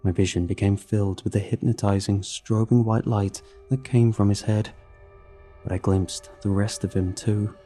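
A man narrates a horror story in a measured, grim way. His voice is low and dark-toned. Faint music runs beneath his words. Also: fairly even intonation.

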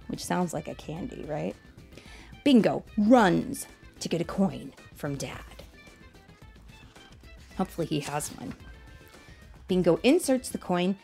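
A woman reads a children's story aloud at an unhurried pace, talking warmly and directly to her young listeners. Her pitch is animated and wide-ranging, and faint music plays underneath. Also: creaky.

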